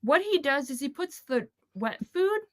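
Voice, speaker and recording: Lively woman with a bright, dry voice. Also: sits high, moderate pace, no room sound. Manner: animated, self-correcting, playful. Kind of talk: casual chat.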